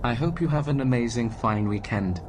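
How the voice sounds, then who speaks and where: A man's voice: medium pitch, moderate pace, noisy background, natural voice. A synthetic text-to-speech man's voice, reading chat messages aloud. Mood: flat. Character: male text-to-speech voice with Welsh accent.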